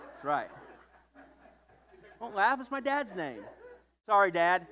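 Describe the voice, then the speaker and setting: High-voiced joking male preacher. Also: very animated, slow, pauses often, pushed and bright, some chatter behind. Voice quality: playful, joking asides, fillers. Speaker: pastor. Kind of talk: humorous conversational sermon.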